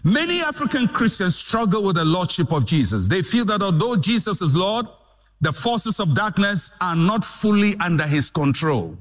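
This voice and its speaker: A pastor preaching with fervor, his voice set very high for a man. He swings his pitch widely, repeats his points, and drives them home with loud, emphatic declarations. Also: big pitch swings, moderate pace. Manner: impassioned preaching, repeating phrases and building to shouts. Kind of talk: sermon.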